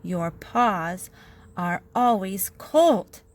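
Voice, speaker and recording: A woman doing a sleepy gruff big mouse. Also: medium pitch, lively intonation. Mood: weary. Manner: slow, weary, patient.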